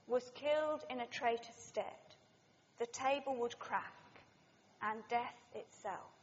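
A woman voicing a wise, solemn male lion, reading slowly and gravely from a storybook, in a dull-sounding reverberant hall. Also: high-pitched, slight background noise.

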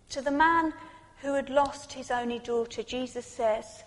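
High-voiced woman preaching in an echoing hall. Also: a little slow. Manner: dramatic, rising to intense peaks then dropping quiet. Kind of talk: sermon. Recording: long reverb in a large hall.

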